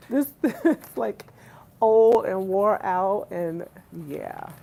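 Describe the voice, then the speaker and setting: A woman's voice: medium pitch, lively intonation, extremely slow, gravelly, mellow, poor audio. A woman chatting casually with her livestream viewers while she cooks in her home kitchen, laughing often and talking to them directly. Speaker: vlogger hosting a livestream. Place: home kitchen, rain outside. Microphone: phone set on the counter.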